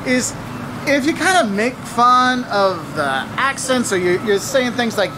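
A man hosting a travel video outdoors, explaining local customs in a lively, wry way. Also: very high-pitched, a little slow. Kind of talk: travel vlog commentary. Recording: outdoor clip with street noise. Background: traffic and street ambience.

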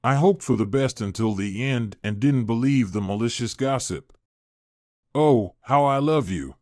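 A man reading the part of a scheming husband who flatters and grovels in a storybook reading. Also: mid-range voice, a little slow, no room sound, clean studio sound, close to an everyday voice. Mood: fawning. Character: scheming middle-aged husband, smooth and fawning.

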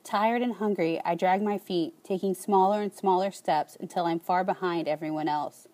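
A woman narrating an audiobook in a calm, measured first-person reading. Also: on the low side.

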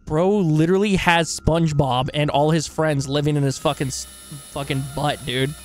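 A male streamer giving excitable, profane live commentary while playing a game and thanking new followers. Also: a little high, moderate pace.

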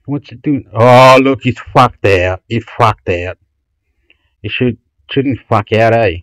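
Man from Chile, vlog host, profane rambling rant, middle pitch, dry close sound. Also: slow pace, a bit bright, dry recording, poor audio. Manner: profane, rambling, frequent restarts and swearing. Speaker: channel host. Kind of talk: ranting commentary while browsing websites.

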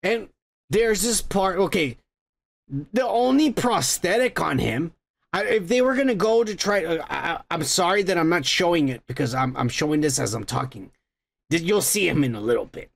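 A man's voice: fairly high pitch, expressive, normal speed, vocal fry. A man hosting a podcast, rambling through a profane, casual movie review with lots of restarts. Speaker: podcast host.

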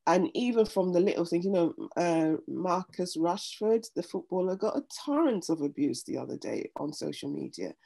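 Earnest woman, lowish voice. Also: normal speed, gravelly, hardly any pauses. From United Kingdom. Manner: earnest, animated when retelling. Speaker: interview guest, pastor and former nurse. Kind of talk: reflective conversation.

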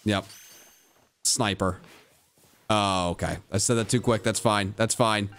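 A man streaming a video game live, muttering to himself and joking with chat, sometimes breaking into high-pitched yelling. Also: fairly even intonation, a little slow, soft background music. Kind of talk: live gameplay commentary.

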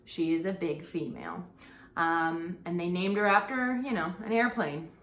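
A woman's voice: lowish voice, normal speed, fairly bright tone, slight background noise. Chatty sarcastic woman in echoey room. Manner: chatty and sarcastic, swearing, with bursts of laughter and mock quotes. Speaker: podcast host recapping a TV show. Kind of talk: casual comedic recap.

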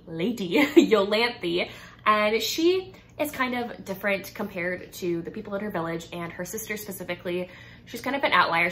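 Young woman, chatty book vlogger, gushy, filler-heavy, bursts of excitement. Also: mid-range voice. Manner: mimics characters' lines in quick asides. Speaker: book reviewer. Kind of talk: casual chatty book recommendations.

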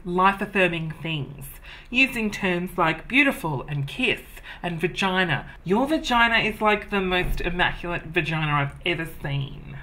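A vain, self-adoring woman, played by a man, gushing at her own reflection in a comedy sketch. Her voice swoops up and down with lively animation and a bright, forceful edge. She flatters herself nonstop in chatty, over-the-top bursts. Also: high voice, full character voice. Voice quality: wig-wearing drag persona, chatty and gushing. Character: vain self-obsessed woman named Trish. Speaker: comedy character host.

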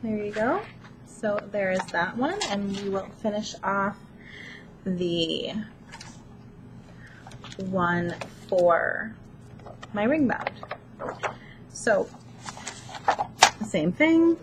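Slow, chatty woman crafting at home. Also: medium pitch. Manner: chatty, self-deprecating, talks while working. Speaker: planner vlogger. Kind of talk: casual craft tutorial. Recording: steady background noise.

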